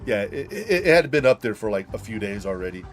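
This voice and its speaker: A man's voice: lowish voice, big pitch swings, brisk, soft background music. A young man streaming a game, telling a rambling, profane story and saying "dude" and "like" a lot. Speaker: gaming streamer. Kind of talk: casual storytelling while gaming.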